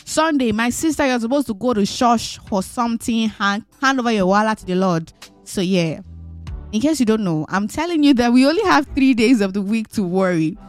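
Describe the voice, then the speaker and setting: A young woman hosting a radio show, chatting with callers in an animated, teasing, jokey way. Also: fairly high pitch, moderate pace, soft background music. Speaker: radio host. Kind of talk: playful radio chat. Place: radio studio.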